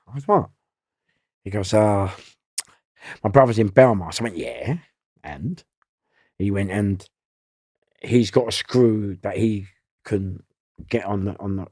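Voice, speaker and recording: A man with a London accent, a podcast guest telling stories in an animated way and acting out the voices of the people in them. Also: fairly low pitch, no echo, clean studio sound. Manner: animated storyteller who acts out voices and laughs often. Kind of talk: storytelling in a podcast interview.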